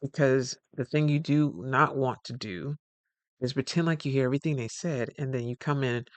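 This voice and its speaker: Man, casual coaching talk, rambling, self-correcting, mid-pitched voice, dry close sound. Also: normal speed, no echo. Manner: animated, acts out quoted dialogue. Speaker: communication coach.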